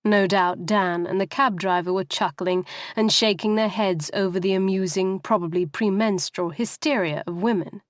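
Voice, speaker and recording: A woman narrating a novel in a steady, even storytelling manner, close to the microphone. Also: medium pitch, normal speed, hardly any pauses, no room sound. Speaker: audiobook narrator.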